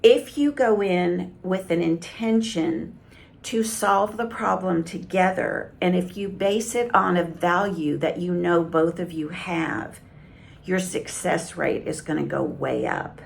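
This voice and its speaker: A woman communication coach giving calm, measured advice straight to camera. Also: on the low side, vocal fry. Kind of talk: direct-to-camera coaching talk.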